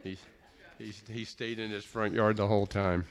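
A man's voice: fairly low pitch, flat delivery, moderate pace. A man telling a personal testimony in an earnest, plainspoken storytelling way. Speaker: speaker giving a personal testimony.

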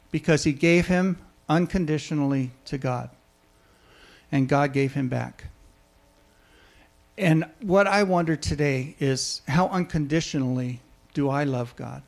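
A man delivers a sermon in a high-pitched voice. He keeps it conversational and often turns to his listeners with questions. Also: a little mellow. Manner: conversational, asks the audience questions. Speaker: preacher.

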